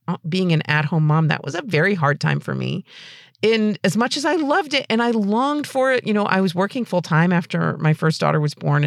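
Middle-aged woman, podcast host giving earnest advice, dry close-miked sound. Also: dry recording. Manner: warm, encouraging, earnest; lively pitch rises. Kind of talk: advice podcast, answering a listener question.

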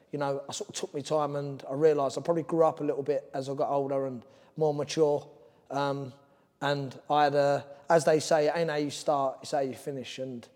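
A man's voice: medium pitch, a little mellow, in a large hall. Earnest Cockney-accented man, rambling. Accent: London Cockney. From Ireland. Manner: rambling, earnest, drifts off topic. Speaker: former boxer, guest. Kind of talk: candid podcast interview.

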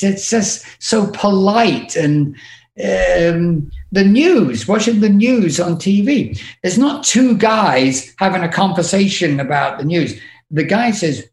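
A man's voice: high-pitched, roomy sound. A man with an English accent, a podcast guest telling candid stories in casual chat. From England. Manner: candid, quick storytelling with laughs. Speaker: guest, tour manager.

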